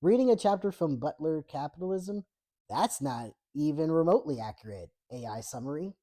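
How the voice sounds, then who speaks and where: A woman's voice: sits low, lively intonation, brisk, dark tone. A woman host reading a book chapter aloud, breaking off for irreverent, profane asides.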